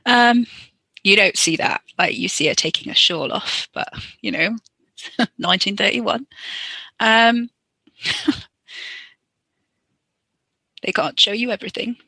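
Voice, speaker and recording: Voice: medium pitch, measured pace, pauses often, sharp tone, no echo. A podcaster giving chatty, joking improvised commentary over an old film. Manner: chatty, joking, many fillers.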